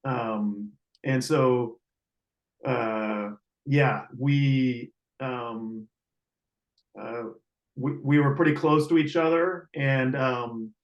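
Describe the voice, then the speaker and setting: A man telling a river rescue story in casual, halting speech full of fillers and restarts, heard over a video call. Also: medium pitch, steady tone, reverberant, dull audio.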